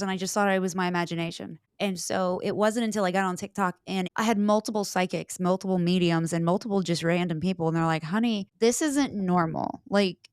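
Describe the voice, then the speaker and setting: A woman's voice: lowish voice, clear, resonant tone, dry recording, clean studio sound. Chatty, giggly woman podcast host. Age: adult with children. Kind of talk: casual chat.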